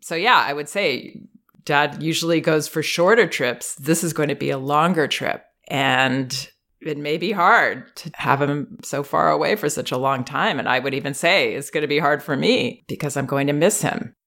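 A woman host giving parenting advice in a calm, measured, reassuring way. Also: deep voice. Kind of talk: advice consultation.

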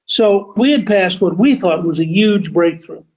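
A man's voice: sits high, unhurried, a little mellow, dull audio. A man looking back on past politics in a reflective storytelling style, sometimes acting out quoted lines. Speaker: political insider recounting history.

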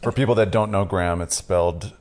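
A man hosting a podcast, asking questions calmly in casual interview chat. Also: low voice, brisk. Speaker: podcast host.

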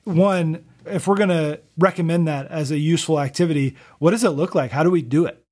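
Man, co-host and golf coach, slightly higher voice, earnest, measured questions. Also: darkish tone. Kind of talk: interview questions.

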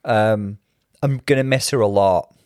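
A man co-hosting a podcast in casual chat, teasing and chatty, quick to laugh. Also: lowish voice, darkish tone, smooth, no echo, clean studio sound. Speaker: podcast co-host.

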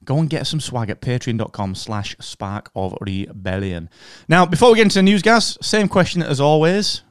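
A man hosting a casual podcast, jokey and upbeat with quick asides. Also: medium pitch, big pitch swings, smooth, no room sound, clean studio sound. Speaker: podcast host.

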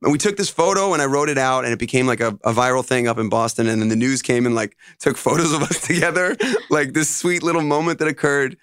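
Rambling, animated male interview guest. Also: mid-range voice, fast, clean tone, no room sound, studio quality. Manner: loose, rambling, animated storyteller. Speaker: guest musician. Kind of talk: casual interview storytelling.

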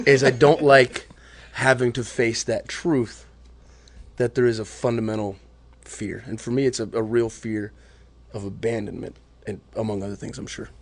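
A man telling a raw personal story as a podcast guest, confessional, sometimes dropping almost to a whisper. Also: mid-range voice. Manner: fast, confessional, drops to near whispers.

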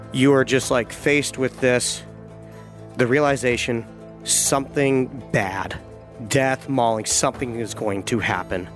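A hunting guide telling a tense first-person story, vivid and halting, with frequent restarts. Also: male voice, medium pitch, steady tone, soft background music.

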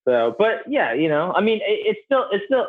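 A man's voice: high-pitched, very animated, moderate pace, breathy edge. A man in his mid thirties, a podcast guest, chatting casually and joking, with lots of fillers and restarts, over a video call. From New Jersey. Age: 30s. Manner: rambling, filler-heavy, jokey. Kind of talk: casual interview chat. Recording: tinny phone-like call audio.

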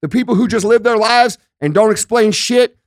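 A man with a notably high voice for a male speaker hosts a podcast, ranting bluntly and swearing freely. He talks close to a studio microphone in a dry, dead-sounding space with no room echo. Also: moderate pace. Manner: profane, blunt, emphatic; conversational, uses everyday analogies. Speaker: podcast host. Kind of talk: casual podcast rant.

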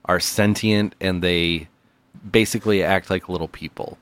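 A man in casual comedic chat with a dry, unhurried manner. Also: low voice, fairly even intonation, fairly bright tone, clear, resonant tone.

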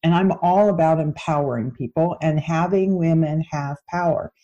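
Woman coach telling stories, earnest and emphatic, lowish mellow voice. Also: normal speed, lo-fi sound. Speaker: podcast guest, empowerment coach. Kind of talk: storytelling interview answers.

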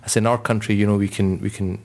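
Gravelly, fairly low and fast, the voice belongs to a British Islamic scholar on a panel. His talk is anecdotal storytelling, delivered animatedly as he imitates the people involved.

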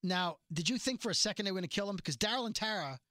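Clean studio audio with no echo captures this high-pitched man. He's hosting a podcast and casually recapping a TV episode, animatedly voicing the quoted lines in quick succession.

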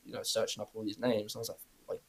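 A young British man chatting casually as a podcast guest, rambling, filling every pause with "like" and swearing easily. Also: fairly low pitch, monotone, creaky, breathy edge. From Britain. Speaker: guest YouTuber.

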